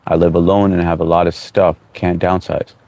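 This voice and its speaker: A man with a low, deep voice hosts a relaxed live stream, greeting viewers one by one and reading their comments aloud. His talk is casual and encouraging, like advice from a friend. The sound is dry and close, with little room echo. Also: fairly quick.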